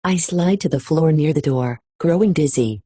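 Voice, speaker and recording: A woman's voice: low voice, moderate pace, dark tone, husky. A woman reading a first-person novel aloud in an emotional storytelling style. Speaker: audiobook reader. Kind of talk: expressive audiobook narration.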